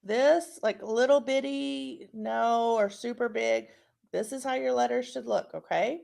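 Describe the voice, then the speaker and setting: A woman teacher giving a recorded lesson to young pupils, speaking slowly and clearly and checking in often with "okay?". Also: on the high side, a little mellow. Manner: slow, clear instructional delivery with frequent checks. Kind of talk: recorded online class lesson.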